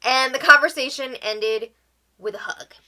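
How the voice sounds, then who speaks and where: A woman hosts a casual recap of a reality show, talking things through in a chatty way with opinionated asides. Her voice sits somewhat high and sounds bright and forceful. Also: measured pace.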